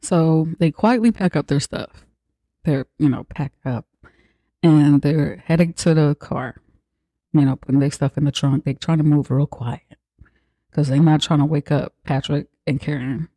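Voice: medium pitch, unhurried, warm tone, dry recording. A podcast host casually retelling a film plot, blunt and profane, acting out the characters' lines along the way. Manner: acts out characters' lines mid-story.

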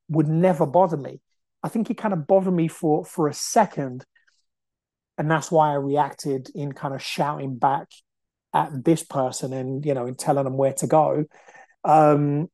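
A man's voice: fairly high pitch, darkish tone, no room sound. A man hosting a podcast, telling a personal story in a rambling way and acting out what people said. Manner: rambling, full of fillers and acted-out quotes. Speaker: podcast host. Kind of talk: casual storytelling monologue.

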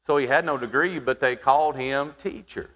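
A man preaching a sermon, asking the congregation questions and pausing for emphasis. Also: medium pitch, a bit bright. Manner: preaching with rhetorical questions and dramatic pauses. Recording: hall reverb.

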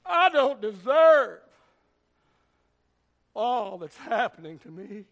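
A man voicing a self-pitying male prophet who sulks and begs to be left alone, in a whiny, drawn-out way. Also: extremely high pitch, very animated, fairly bright tone, voice pushed down, heavily acted.

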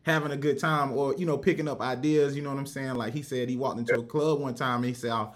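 A man's voice: mid-range voice, fairly even intonation, fast talker. A man hosting a casual podcast chat, laid-back and encouraging.

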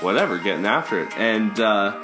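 A man's voice: on the low side, lively intonation, moderate pace, music in the background. Rowdy, swearing man telling a story. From Canada. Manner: rowdy, profane, laughing often. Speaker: podcast host. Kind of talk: casual storytelling.

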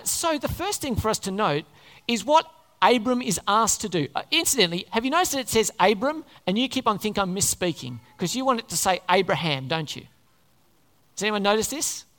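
A preacher giving a sermon to a live congregation, talking in an animated way and often putting questions to the listeners. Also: mid-range voice. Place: large hall before a congregation. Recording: long hall reverb.

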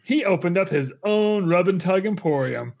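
A man hosting a comedy podcast, playful and quick to laugh in casual banter. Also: high voice, animated, gravelly, a little mellow. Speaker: podcast host.

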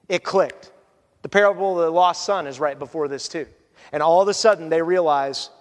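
A man preaching a sermon as a pastor, animated and conversational. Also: fairly high pitch, normal speed, long reverb tail.

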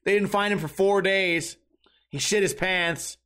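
High-voiced man ranting a comic bar story. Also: steady tone, pushed and bright, clean tone. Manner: profane, ranting, quick bursts. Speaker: podcast host. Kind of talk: comedic storytelling rant.

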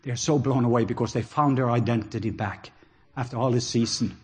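A middle-aged man with a Norwegian accent preaching a sermon, animated with laughing asides and dropping to soft, intimate tones. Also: mid-range voice, a little fast, slightly rough.

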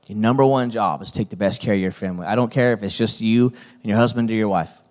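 A man's voice: on the low side, quick pace, a little mellow. A middle-aged male pastor preaching a sermon in a folksy, conversational manner that builds to emphatic points.

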